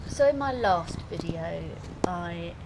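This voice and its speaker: A woman's voice: on the low side, animated, slow. Chatty woman vlogging on a noisy street. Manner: chatty, rambling, soft and subdued at times. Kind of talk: casual walking vlog. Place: outdoors on a street.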